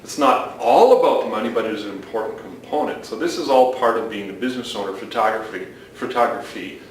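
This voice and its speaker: A man's voice: medium pitch, expressive, fast, a little hiss or hum. A middle-aged man co-hosting a casual chat show, lecturing with jokes. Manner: joking, lecturing. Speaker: co-host. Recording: echoey room from far off.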